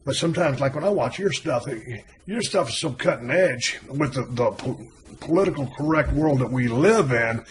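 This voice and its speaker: A podcast host who used to be a wrestler tells stories in an easygoing, chatty interview. His mid-range voice is animated, his pace moderate, and there's slight background noise.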